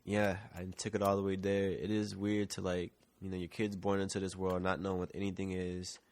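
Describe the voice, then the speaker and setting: A man's voice: low-pitched, monotone, brisk, no echo. A man co-hosting a podcast in loose casual chat, rambling with lots of "like" and the odd swear word. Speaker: podcast co-host. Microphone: shared mic.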